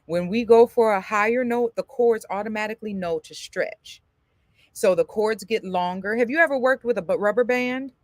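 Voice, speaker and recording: A woman voice coach talks a student through breathing over a video call, her voice close and dry with no room sound. She demonstrates lines and laughs easily. She speaks at an ordinary middle pitch. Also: normal speed, dry recording. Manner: encouraging, demonstrative, laughs often. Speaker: voice teacher. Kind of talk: live online voice lesson.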